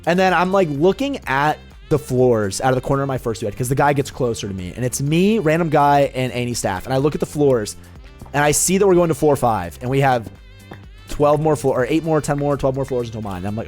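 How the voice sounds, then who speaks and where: Profane young man, lively rambling voice. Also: mid-range voice, a little fast, faint music behind. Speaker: gaming streamer. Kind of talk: casual storytelling while gaming.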